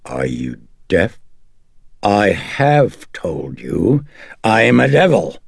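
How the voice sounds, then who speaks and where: A man voicing a mocking demon possessing a young girl, with a raspy, taunting delivery. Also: rumbling low, sing-song, slow pace, a little mellow, dry recording, studio quality, exaggerated voice.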